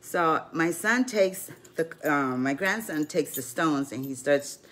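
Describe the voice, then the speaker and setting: A woman's voice: sits low, expressive, takes it slowly, a bit bright. An older woman and grandmother telling a rambling story between rune and card readings, full of "you know" asides, as a casual vlog.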